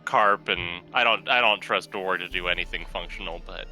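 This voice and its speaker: Bright, rambling man gamer. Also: low-pitched, normal speed, soft background music, poor audio. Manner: rambling, filler-heavy. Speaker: player. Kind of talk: casual tabletop role-play over voice chat.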